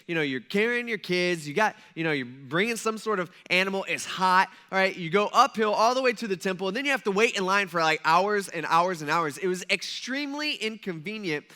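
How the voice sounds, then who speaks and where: A pastor with a high, sharp-toned voice delivers a conversational sermon in church. He tells stories and acts out quoted asides.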